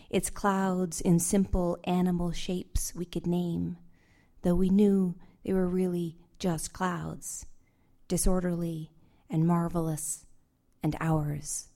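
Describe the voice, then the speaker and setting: A woman poet giving a live reading of her poems, soft and measured, with hesitant asides between them. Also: fairly low pitch, little pitch movement. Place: live reading event before an audience.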